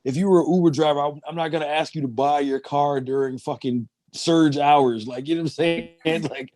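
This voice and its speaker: A man with a mellow, relaxed tone co-hosts a casual podcast discussion. The sound is dry and close. He talks emphatically, swears freely and slips into the voices of people he quotes. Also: a little high, a little fast, hardly any pauses, dry recording. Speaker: podcast co-host.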